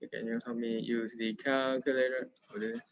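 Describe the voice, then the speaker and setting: A man's voice: mid-range voice, little pitch movement, fairly quick. A man with a Singaporean English accent, tutoring math in a casual, playful, teasing way. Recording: dull lo-fi sound.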